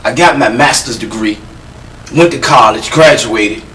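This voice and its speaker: A man's voice: medium pitch, a little slow, bright, forceful tone, far from the mic, a little hiss or hum, rough recording. An actor playing a bitter janitor in his thirties, complaining in a weary way. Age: 30s. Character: fed-up man in his thirties cleaning toilets, bitter.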